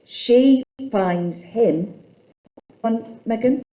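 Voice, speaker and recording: A woman teaching a poetry class, asking students questions and reading lines aloud slowly. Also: on the high side, dark tone, muffled recording.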